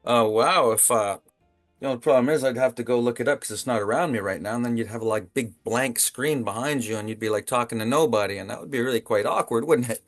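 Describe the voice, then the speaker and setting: A man from Ontario, Canada, a guest telling a story casually over a video call, animated and laughing often. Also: medium pitch, brisk, no echo, faint music behind.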